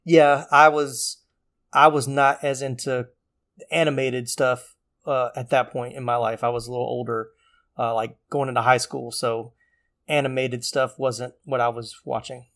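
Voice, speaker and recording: A man's voice: mid-range voice, level tone, unhurried, a bit bright. A man co-hosting a podcast, talking casually in a rambling way. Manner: chatty, rambling, laughs often. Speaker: podcast co-host.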